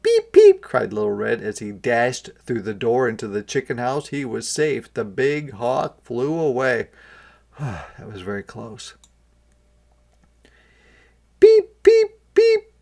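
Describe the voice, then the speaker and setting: A kindergarten teacher reading a picture book aloud, adding expressive asides and questions for young listeners. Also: medium pitch, vocal fry.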